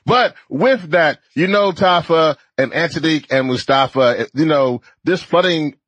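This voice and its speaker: A man's voice: fairly high pitch, a little slow, a bit bright, dry recording, highs cut off. A man from Louisiana co-hosting a talk show in a studio, rambling and joking with many restarts. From Louisiana, family from Trinidad. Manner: rambling, jokey, frequent restarts. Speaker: co-host. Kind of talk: casual talk show chat.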